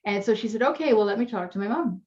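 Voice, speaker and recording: A woman's voice: medium pitch, lively intonation, fast talker, darkish tone, highs cut off. A woman health coach telling a client's story in an interview, chatty and emotional, at times teary.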